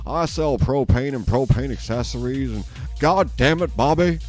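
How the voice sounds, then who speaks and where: A man's voice: mid-range voice, normal speed, darkish tone, soft background music, close to an everyday voice. A man doing a grumpy Hank Hill drawl. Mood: exasperated. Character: grumpy middle-aged Texan cartoon dad.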